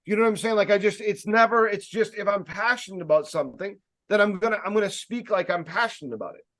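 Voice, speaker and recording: A man giving a casual sales training talk, speaking loudly and emphatically, with rambling jokey asides and plenty of fillers. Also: high voice, quick pace. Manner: loud, emphatic, projecting voice.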